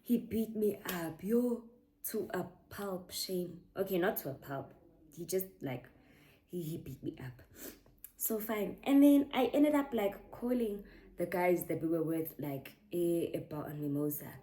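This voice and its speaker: A woman's voice: on the low side, animated, measured pace, warm tone. A young South African woman with a South African accent, telling a personal story in a casual vlog and slipping Zulu slang into her English. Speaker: YouTuber.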